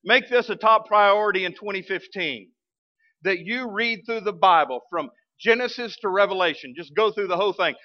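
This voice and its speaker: High-voiced pastor preaching animatedly. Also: male voice, normal speed, dull audio. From Arkansas, US. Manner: animated, humorous storytelling with bursts of emphasis. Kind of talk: sermon.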